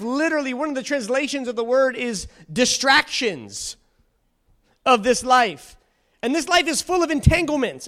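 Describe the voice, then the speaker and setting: Male preacher with a very high voice, fervent and exhorting, leading a church congregation. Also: a bit bright. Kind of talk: sermon.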